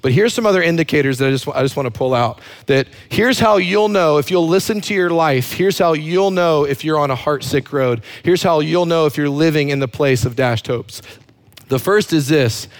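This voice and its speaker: A man's voice: on the high side, normal speed. A man preaching a sermon as a pastor, emphatic and fond of repeating words for effect.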